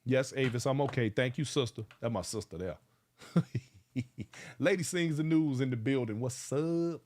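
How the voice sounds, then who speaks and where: A man's voice: medium pitch, measured pace, darkish tone, a little hiss or hum. A man of about fifty hosting a casual livestream, fired up and preachy, calling out viewers by name. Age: around 50. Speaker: livestream host.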